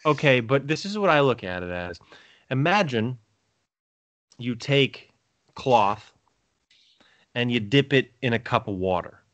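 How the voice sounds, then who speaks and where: A man's voice: medium pitch, expressive, a little slow, pauses often, a bit bright, no echo. A young man co-hosting a podcast, rambling in crude casual chat, cursing and joking. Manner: rambling, profane, jokey, laughs a lot. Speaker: podcast co-host.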